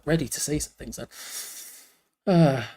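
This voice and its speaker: A man's voice: fairly high pitch, moderate pace, warm tone. A tired man hosting a live fan watch-along, switching between match commentary and rambling, frank asides.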